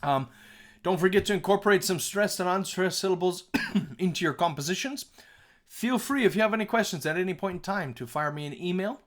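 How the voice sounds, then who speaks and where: A man's voice: fairly high pitch, a bit bright. A man teaching a recorded music composition lesson, talking in a friendly, chatty way with fillers.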